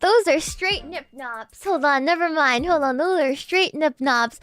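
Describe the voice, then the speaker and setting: High-voiced woman streamer, slow unhurried rambling, giggly, lil bit of music behind. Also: a bit bright. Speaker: VTuber streamer. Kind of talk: casual stream chat.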